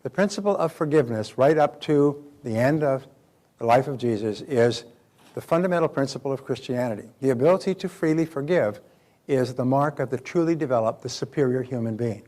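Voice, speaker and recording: Lively male seminar speaker. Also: medium pitch, fairly quick. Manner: animated, acts out quoted dialogue. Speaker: motivational speaker. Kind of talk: live seminar talk. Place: live seminar room.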